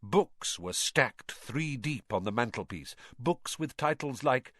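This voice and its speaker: A man narrates a novel aloud with lively, animated storytelling. His voice sits at a middle pitch and sounds dry and close to the mic. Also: takes it slowly, no echo. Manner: expressive storytelling.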